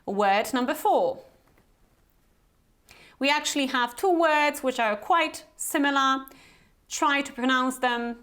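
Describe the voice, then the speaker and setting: Polish-accented woman trainer, careful pronunciation lesson, high voice, unhurried delivery. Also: fairly bright tone. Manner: slow, careful, repeats words for learners to copy. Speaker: Business English trainer.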